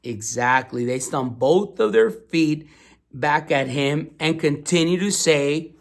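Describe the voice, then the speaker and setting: Male storyteller, slightly high voice, teacherly read-aloud with questions to kids. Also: slow pace, gravelly. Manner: asks listeners questions, patient and teacherly.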